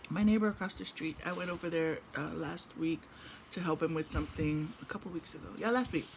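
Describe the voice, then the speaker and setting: A woman's voice: deep voice, brisk, gravelly. A middle-aged woman vlogging at home, chatting in a rambling, casual way. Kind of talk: casual chat. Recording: noisy home recording.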